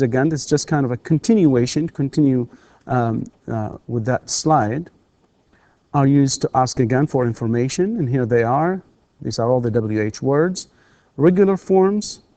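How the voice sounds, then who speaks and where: A man whose first language is Arabic lectures in a recorded university English lesson. His voice is mellow and sits at an ordinary male pitch, recorded close and dry. He stumbles through fillers and then models questions with a markedly rising, teacherly lilt. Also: dry recording. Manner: hesitant, many filler sounds and restarts.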